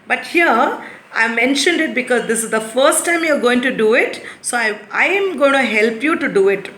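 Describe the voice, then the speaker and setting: A woman teacher giving a lesson to young children, explaining patiently and repeating things slowly. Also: a little high, expressive, pushed and bright. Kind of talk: recorded classroom lesson. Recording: echoey room.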